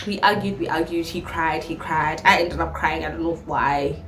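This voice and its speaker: A young South African woman vlogging a storytime in an animated, dramatic way, with plenty of swearing. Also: deep voice, normal speed, roomy sound, soft background music. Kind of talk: storytime vlog.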